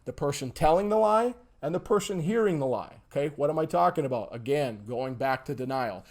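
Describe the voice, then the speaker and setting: A man's voice: a little high, a little fast. Emphatic man teaching on a livestream. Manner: emphatic, keeps checking in with "okay?" and "all right?"; animated, acts out examples. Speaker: instructor. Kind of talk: livestream lesson.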